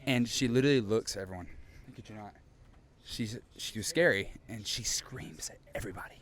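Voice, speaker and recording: Animated young man telling stories. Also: on the low side, fairly quick. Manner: animated storyteller, acts out scenes, laughs often. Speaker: podcast co-host. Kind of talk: casual chat, storytelling.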